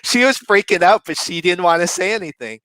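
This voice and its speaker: A man's voice: high voice, fairly quick, bright, forceful tone. A man co-hosting a casual chat, animatedly telling a story and laughing often as he talks. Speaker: co-host.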